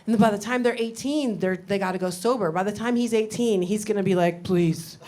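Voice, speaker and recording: A woman's voice: mid-range voice, quick pace, a little mellow. A middle-aged woman doing a stand-up comedy set in a club, wry and rambling with sudden indignant outbursts. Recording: live club recording with audience noise.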